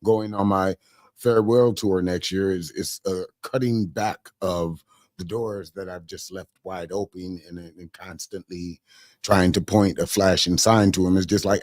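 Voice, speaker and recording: A man talking casually on a podcast and then reading his own spoken word poem in a measured, reflective way. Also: low-pitched, fairly even intonation, darkish tone, no room sound, clean studio sound. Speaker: poet and podcast guest.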